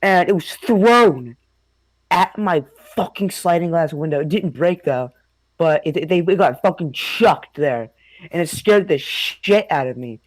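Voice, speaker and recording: A man's voice: on the high side, lively intonation, a little slow, no room sound. A young man casually telling a spooky childhood story, rambling, swearing a lot and laughing often. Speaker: host.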